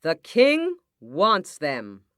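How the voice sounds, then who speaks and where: A woman's voice: low voice, huge pitch swings, extremely slow, clear, resonant tone, no room sound, studio quality, full character voice. A woman voicing the king's stern male soldiers, giving curt, commanding orders.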